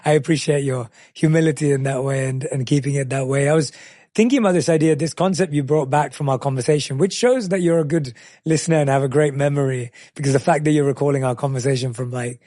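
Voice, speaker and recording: A male podcast host in a casual interview, mellow and unhurried, who affirms his guest and echoes her points back before asking his next question. His voice has a soft, dark tone, and it is recorded close and dry. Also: medium pitch.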